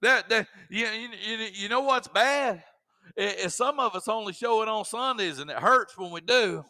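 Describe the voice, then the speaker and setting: A man's voice: sits high, moderate pace, pushed and bright. A man preaching a sermon in a fervent, exhorting way with folksy asides.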